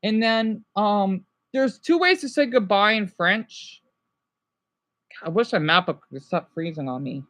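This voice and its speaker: Bright-voiced rambling male streamer. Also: high-pitched, animated, unhurried, no room sound. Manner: rambling, self-correcting, answers chat. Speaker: livestreamer teaching French words. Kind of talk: casual livestream chat.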